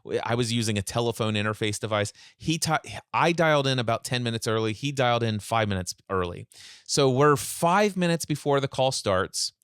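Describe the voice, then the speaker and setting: A man telling a story in a podcast interview as a mindset coach, acting out both sides of a phone call in lively voices, speaking over a remote call. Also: medium pitch, fairly quick, clear, resonant tone, no echo, clean studio sound.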